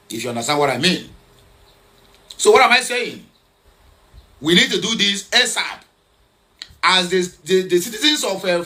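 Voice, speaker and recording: A man's voice: high voice, bright, forceful tone. A man commenting on social media posts, hesitant with many fillers and self-corrections, repeating points urgently. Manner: repetitive, urgent. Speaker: online news commentator.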